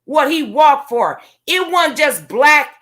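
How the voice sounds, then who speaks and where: Angry high-voiced woman ranting. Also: animated, slow pace, a bit bright. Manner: profane, confrontational, preachy. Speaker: vlogger. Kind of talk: angry rant to camera.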